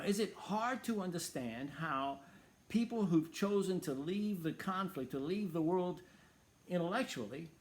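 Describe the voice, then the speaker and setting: A man hosting a Christian talk show, speaking earnestly and emphatically as he reasons aloud. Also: sits high.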